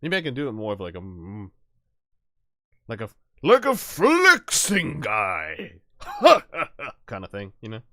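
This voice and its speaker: A man's voice: lowish voice, huge pitch swings, takes it slowly, pauses often, bright, forceful tone, dry recording, studio quality. Playful man on a game stream. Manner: playful, self-deprecating, thinking aloud. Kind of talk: casual game let's-play commentary.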